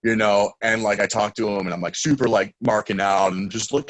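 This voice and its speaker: A young man, a guest in a casual interview, telling stories excitedly and acting out quotes loudly. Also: on the low side, brisk, hardly any pauses, no echo, low-quality recording.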